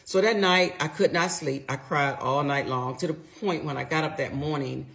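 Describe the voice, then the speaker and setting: Middle-aged woman, creaky texture, animated casual storytelling straight to camera. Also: deep voice, moderate pace. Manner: animated, emphatic, talks to viewers directly.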